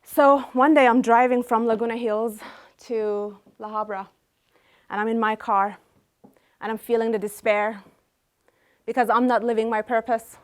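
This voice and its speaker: A woman chiropractor in her thirties telling a personal story with animated delivery, acting out what people said. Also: fairly high pitch, moderate pace, long pauses. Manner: animated, acts out quotes.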